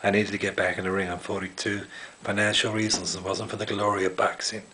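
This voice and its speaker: A man playing a weary middle-aged ex-heavyweight boxer in his forties, with a low, flat delivery. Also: quick pace, a little hiss or hum. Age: 40s.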